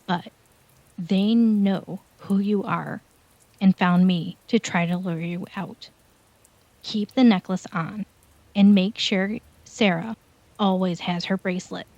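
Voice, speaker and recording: A woman's voice: lowish voice, fairly even intonation, moderate pace, darkish tone, husky, no room sound. A woman voicing a frantic, wounded mother who pleads urgently with her son in a dream, in a told horror story. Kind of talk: storytelling narration. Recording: dull lo-fi home recording.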